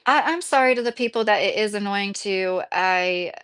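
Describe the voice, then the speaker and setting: This woman's smooth, fairly bright voice sits in the mid range and moves at a normal speed. In her late thirties, she hosts a relaxed livestream from indoors in a mobile home, reading viewer comments aloud and frequently laughing.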